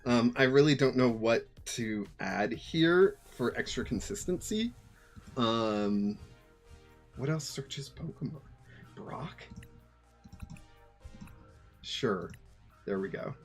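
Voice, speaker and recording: Unhurried male streamer, mid-pitched, musing over his card game with soft chuckles, faint music underneath. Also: very animated. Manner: unhurried, muttering to himself, chuckling often. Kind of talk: casual gameplay commentary.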